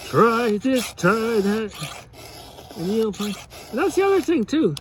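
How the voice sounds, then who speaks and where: A man's voice: high voice, expressive, slow, background noise. A man who runs a fishing lodge, giving rambling, folksy work advice while sharpening a chainsaw, chuckling as he goes. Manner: folksy, chuckling, repeats and restarts often.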